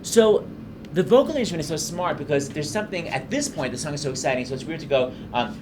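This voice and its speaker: A man hosting a commentary on a musical, effusive and excitable, rambling with fillers as he explains what he loves. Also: on the high side, quick pace, background noise. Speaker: show host explaining a musical. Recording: voice-over over loud show music. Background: loud cast recording and orchestra.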